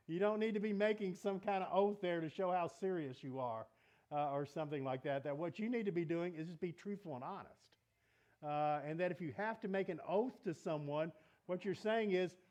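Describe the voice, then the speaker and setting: A man's voice: high-pitched, normal speed, darkish tone. Conversational man leading a Bible study. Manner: conversational, asks the group questions. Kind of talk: casual teaching talk. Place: church meeting room.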